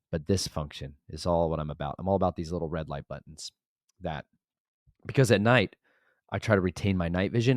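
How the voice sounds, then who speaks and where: A weary man with a low-pitched voice, recorded dry and close. He talks in a loose, exasperated way, jumping from loud outbursts to hushed mutters. He sounds short on sleep. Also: dry recording. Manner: exasperated storytelling, swinging between loud outbursts and muttered whispers. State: tired after a sleepless night. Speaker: father of a large family. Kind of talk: casual vlog monologue.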